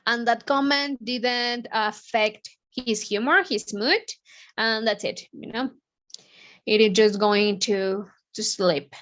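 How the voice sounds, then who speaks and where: Slow, halting woman teacher. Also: a little high, steady tone, fairly bright tone. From Mexico. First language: Spanish. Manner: explains words slowly, halting, many fillers. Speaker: English book club teacher. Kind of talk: casual vocabulary lesson.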